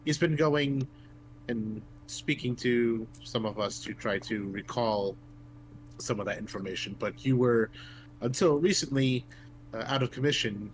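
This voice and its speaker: Brief: male player in character, even mid voice, patient explainer, faint hum. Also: medium pitch, unhurried, low-quality recording. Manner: calm, explanatory. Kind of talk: in-character tabletop role-play.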